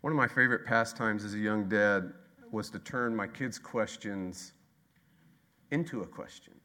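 A man in his thirties preaching a sermon as pastor, moving from loud, emphatic repeated lines to quiet, slow asides. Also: fairly low pitch.

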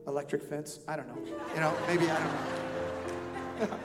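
A man preaching with a notably high voice, pressing his points through repetition and shifting between hushed and forceful delivery. His voice rings through a church hall with a long reverb tail. Soft music plays faintly underneath. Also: fairly even intonation, normal speed, pauses often. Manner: emphatic, repeats phrases, swings between soft and loud. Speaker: pastor. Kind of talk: sermon.

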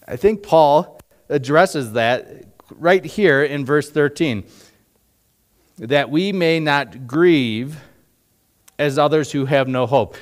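A man's voice: mid-range voice, slow, pauses often. A man in his forties preaching a sermon in a conversational way, with rhetorical questions and many fillers. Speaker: pastor.

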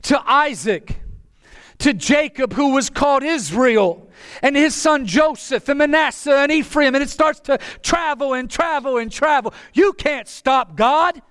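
A man preaching a sermon with passion, often rising to a shout. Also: extremely high pitch, a little slow, dry recording. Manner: impassioned, bursts into shouting.

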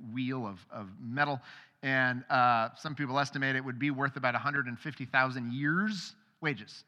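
A man's voice: mid-range voice, bright, forceful tone, in a large hall. A male pastor giving a sermon in a conversational way, acting out the voices of people in the stories he tells. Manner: conversational, acts out quoted voices.

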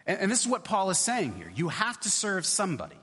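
A man's voice: sits high, wildly swooping pitch, fast talker, a bit bright, slightly rough, in a large hall. A male pastor giving a conversational sermon in church, often checking in with his listeners. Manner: conversational, repeats "right?" often.

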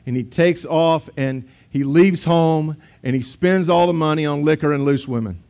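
A man's voice: on the high side, normal speed, a little mellow. A man, a pastor preaching a sermon in a conversational storytelling way with asides to the congregation.

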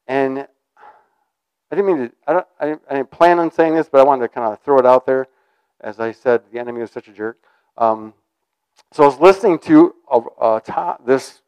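Male preacher, casual, rambling delivery, smooth resonant tone, dry close sound. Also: mid-range voice, a little mellow, no room sound, lo-fi sound. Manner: conversational, rambling with restarts. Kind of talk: informal sermon.

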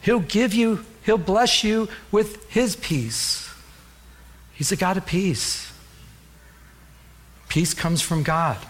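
A man's voice: sits high, takes it slowly, pauses often. A middle-aged man preaching a sermon as pastor, telling a personal story and rising to fervent calls to the congregation.

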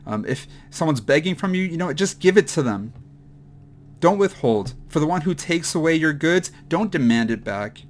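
A man giving a mid-week Bible teaching, halting with many fillers and restarts, at times choked up with emotion. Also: fairly high pitch, lively intonation.

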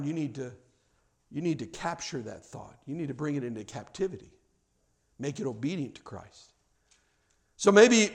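A middle-aged man preaching a sermon to a congregation in a conversational way, repeating his words as he restarts and acting out little scenes. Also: on the high side. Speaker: pastor.

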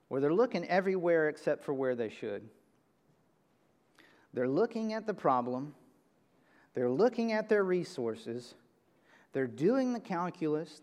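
Male pastor, sermon, emphatic, loud bursts then hushed, long church reverb. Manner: emphatic, swinging between loud high bursts and low quiet lines. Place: church with a pulpit.

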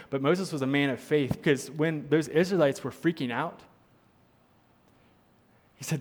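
A man's voice: on the high side, unhurried, long pauses. A man preaching a sermon as pastor, earnest, repeating his points for emphasis. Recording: long hall reverb.

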